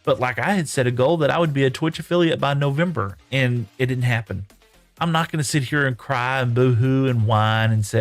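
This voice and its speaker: A man's voice: mid-range voice, fairly quick, faint music behind. A man streaming live from his home room, reading viewer chat aloud and answering in a folksy, rambling way.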